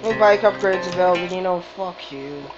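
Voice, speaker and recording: A woman doing game commentary, swearing often and reacting loudly to the race. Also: fairly low pitch, moderate pace. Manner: profane, excitable, swearing at the game. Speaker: gamer. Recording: dull lo-fi recording with game music.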